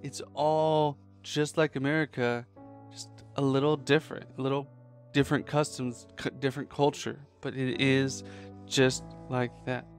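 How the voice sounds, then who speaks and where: Male podcast host, casual animated storyteller, mid-pitched. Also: faint music behind. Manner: animated, jokey, does quick quoted voices.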